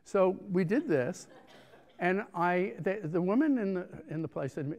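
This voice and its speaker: An American man telling a story from the stage, animated and self-mocking, stumbling over restarts as he acts out each exchange. His voice sits a touch high and carries a gravelly crackle, and the pitch leaps around constantly. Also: moderate pace. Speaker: keynote speaker. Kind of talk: storytelling conference keynote.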